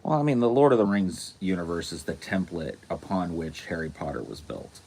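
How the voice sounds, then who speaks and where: A man's voice: sits low, lively intonation, brisk, gravelly, a little mellow. A man co-hosting a podcast, chatting casually in loose, joking, slangy banter. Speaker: podcast co-host. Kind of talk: casual chat.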